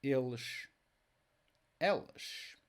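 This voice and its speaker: A man with a mid-range, animated voice teaches a language lesson online. He speaks slowly and patiently, drilling each word aloud and repeating words over and over for practice.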